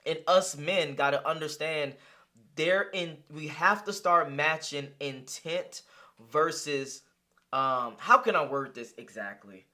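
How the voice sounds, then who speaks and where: A man's voice: on the high side, takes it slowly, sharp tone. Heated, profane young man reacting to a clip. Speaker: reaction streamer. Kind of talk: casual reaction commentary.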